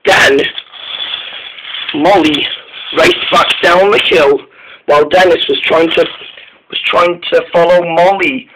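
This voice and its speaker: Male reader of a children's train story, higher-pitched, slow, halting with restarts. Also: fairly bright tone, slight background noise, poor audio. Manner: halting, many restarts and repeated words. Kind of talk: storybook narration.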